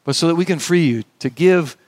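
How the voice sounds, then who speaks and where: Middle-aged male pastor, earnest sermon voice, slightly high, close and dry. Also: a little fast, a little mellow, no echo. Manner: earnest, conversational preaching with quoted dialogue.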